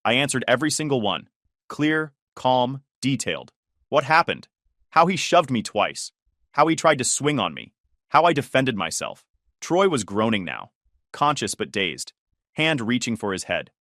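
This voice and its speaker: A man's voice: mid-range voice, very animated, moderate pace, bright, forceful tone, no echo. A man narrating a first-person story in short, terse sentences, on a close, dry mic.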